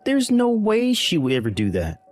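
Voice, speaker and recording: A man's voice: sits high, huge pitch swings, moderate pace, faint music behind. A man voicing a callous young husband in an acted text story, brushing things off with exasperated sighs. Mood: dismissive.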